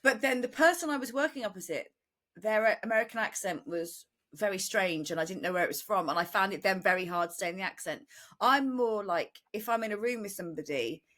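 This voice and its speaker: A woman's voice: medium pitch, animated, a bit bright. A woman who teaches acting classes, co-hosting a podcast in casual chat, agreeing readily and telling anecdotes. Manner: agreeable, quick affirmations, anecdotal.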